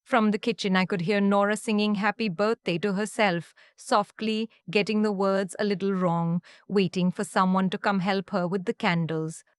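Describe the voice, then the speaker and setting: A woman from Canada narrating a personal story in a calm, measured, understated way. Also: medium pitch, smooth, no room sound, studio quality. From Canada (Ontario). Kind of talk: scripted first-person storytelling.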